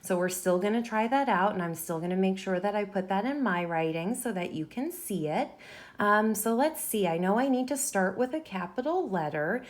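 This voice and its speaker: A woman's voice: medium pitch, animated. A woman teacher modeling a writing lesson for young students, talking through each step as she writes and sounding words out. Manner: slow, deliberate, sounding words out while writing.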